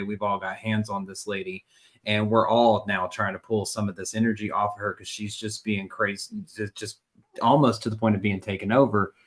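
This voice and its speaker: Low-voiced man adding detail to a story. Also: fairly bright tone. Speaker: podcast guest, paranormal investigator. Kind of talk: storytelling in conversation.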